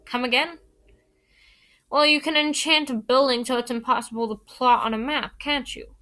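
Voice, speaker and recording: A woman voicing a bossy know-it-all schoolgirl, brisk and matter-of-fact. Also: high voice, steady tone, sharp tone, pitched above the performer's own voice.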